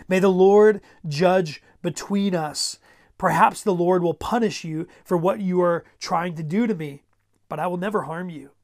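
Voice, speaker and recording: A preacher voicing an earnest young warrior pleading. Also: male voice, high voice, measured pace, darkish tone. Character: young male warrior pleading with his king. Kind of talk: sermon scripture retelling.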